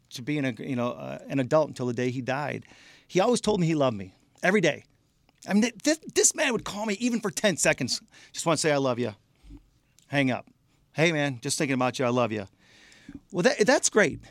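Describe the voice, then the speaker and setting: Male podcast guest, medium pitch, heartfelt animated storyteller who repeats himself, dry studio mic. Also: no room sound. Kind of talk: casual interview storytelling.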